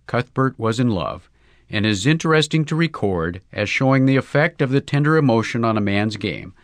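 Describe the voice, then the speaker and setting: A man narrating a comic story as an audiobook, in a wry, measured way. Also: fairly low pitch, no room sound.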